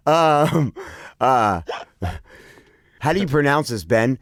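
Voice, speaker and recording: Male podcast host, playful, slow and animated, dry sound. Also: on the high side, dry recording. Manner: playful, laughs often. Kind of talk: casual chat.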